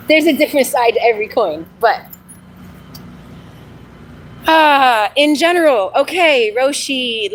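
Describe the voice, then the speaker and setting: A high-voiced woman in her forties talks casually on a phone live stream during an outdoor walk. She is animated and chatty and laughs easily, with a faint hum of open air behind her. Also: low-quality recording. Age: 40s. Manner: chatty, animated, laughs often, reads viewer comments aloud. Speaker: livestream host. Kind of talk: casual live chat while walking. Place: outdoor trail on a dog walk.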